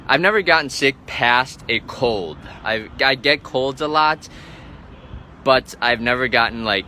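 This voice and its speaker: A man's voice: mid-range voice, bright, forceful tone. A man vlogging live outdoors among boats, answering viewer questions in a rambling, casual way full of filler words. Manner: rambling, filler-heavy, lots of "um" and "like". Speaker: travel vlogger. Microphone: phone held for a live stream. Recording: noisy outdoor background.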